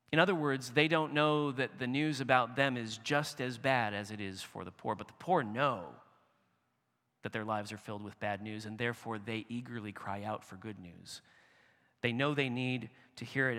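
Bright-voiced preacher in a reverberant hall. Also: male voice, medium pitch. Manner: expressive preaching, rising animated when voicing quotes. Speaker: pastor. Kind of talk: sermon.

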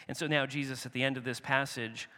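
A man preaching a sermon as pastor, expressive, rising and animated when he voices quoted speech. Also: medium pitch, fast. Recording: long reverb of a hall.

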